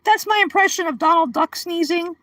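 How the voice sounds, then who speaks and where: Woman, livestream host, high voice, dry close sound, giggly and chatty. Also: a little fast, pushed and bright, no room sound, rough recording. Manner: chatty, giggly, talks to viewers by name. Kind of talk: casual live-stream chat.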